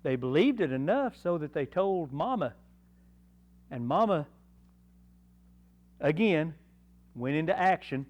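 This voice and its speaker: Folksy East Tennessee Sunday school teacher. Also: male voice, on the high side, big pitch swings, a little slow, long pauses, a little mellow, lo-fi sound. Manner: earnest, folksy, with rhetorical questions. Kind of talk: Bible lesson. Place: church classroom.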